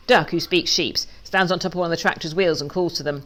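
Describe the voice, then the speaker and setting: A woman, a children's author, reading her storybook aloud in a lively, playful way. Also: lowish voice, fast talker, hardly any pauses.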